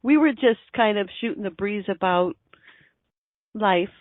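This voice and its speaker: A woman's voice: medium pitch, lively intonation, unhurried, dry recording. A woman guest on an online radio show, chatting casually and easygoingly, laughing often. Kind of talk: casual chat. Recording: dull lo-fi online radio, dry.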